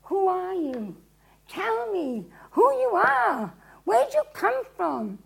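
Lady preacher doing a scared roman governor guy, loud and mocky, raspy high voice. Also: very animated, measured pace, full character voice. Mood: exasperated. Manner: loud, mocking, raised pitch. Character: weak, frightened Roman governor, mocking and exasperated.

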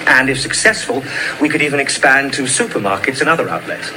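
An actor playing a sarcastic, exasperated younger brother, in a sitcom clip with background noise. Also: male voice, medium pitch, expressive, brisk, natural voice. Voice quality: sarcastic, condescending.

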